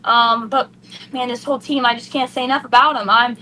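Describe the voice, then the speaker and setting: A woman's voice: on the high side, fairly quick, low-quality recording. A young woman racing driver, gushing and tearful in an emotional post-race interview. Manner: excited, gushing, breathless with emotion.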